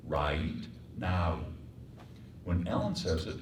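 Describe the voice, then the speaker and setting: A man teaching voice acting in a workshop lecture, breaking into accent and pitch demonstrations. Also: takes it slowly, a little hiss or hum. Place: performing arts center room. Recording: echoey room, mic far off.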